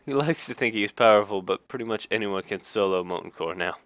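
A gaming YouTuber with a lowish, fairly bright voice reads card flavor text aloud fast and casually, with no room sound. He cracks jokes, laughs at them, and tosses in dry asides.

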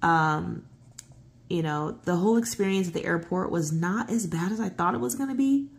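A middle-aged woman telling a travel story while she colors, rambling with lots of fillers and restarts, and getting excitable. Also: normal speed, creaky. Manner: excitable, voice jumps high when giddy. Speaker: coloring channel host. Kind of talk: casual chat while coloring.

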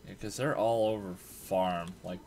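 A man's voice: deep voice, fairly even intonation, unhurried, a little mellow, slight background noise. A young man giving casual commentary on his own gameplay, exasperated, groaning and swearing as his team gets beaten. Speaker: gaming channel host. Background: game music and keyboard typing.

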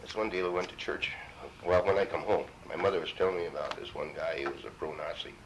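A man's voice: sits low, fast talker, background noise. A man in his seventies from Minnesota, a war veteran telling his story in an oral history interview, salty and full of cursing. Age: 70s. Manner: salty, profane, animated storyteller.

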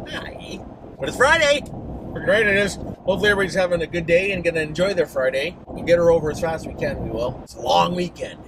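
A middle-aged Canadian man vlogging while driving, ranting in a folksy, profane, mock-worked-up way. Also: sits high. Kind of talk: casual driving vlog rant. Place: inside a moving car. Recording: noisy car interior.

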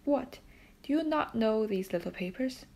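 Suave probing count, measured delivery; woman reader. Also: on the high side, lively intonation, mellow. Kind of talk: audiobook character reading.

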